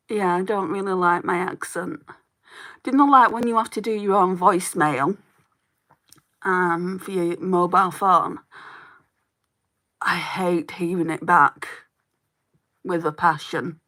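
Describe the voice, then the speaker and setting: A Lancashire woman in her forties talks viewers through her makeup on a livestream, reading out their comments and answering them. Her voice sits a little low, sounds bright and slightly hoarse, and she speaks at an unhurried pace. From Northwest England. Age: 40s. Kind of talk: live makeup tutorial chat.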